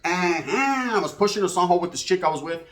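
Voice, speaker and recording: A man's voice: sits high, lively intonation, fast, a bit bright. A man telling a street story in casual, profane slang, dropping in Spanish words. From California.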